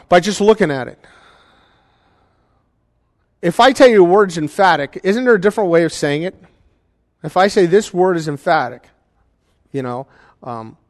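A man with a somewhat high voice preaches a sermon in a church sanctuary. He talks conversationally and keeps asking the congregation whether they follow him. The sound rings with the long reverb of the hall. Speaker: pastor.

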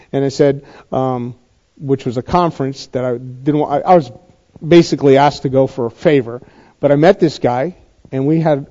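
A man's voice: on the high side, mellow, dull audio. A middle-aged man preaching a sermon in a conversational way, often asking the congregation questions. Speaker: pastor.

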